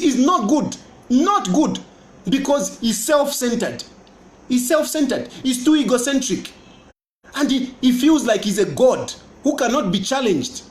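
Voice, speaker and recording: A politician with a Zambian accent talking to camera, boastful and mocking, repeating his points. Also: extremely high pitch. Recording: roomy echo.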